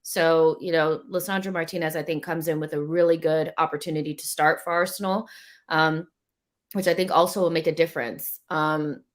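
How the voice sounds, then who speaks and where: Low-voiced woman, casual football chat. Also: normal speed. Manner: relaxed, giggly, conversational. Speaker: football podcast co-host.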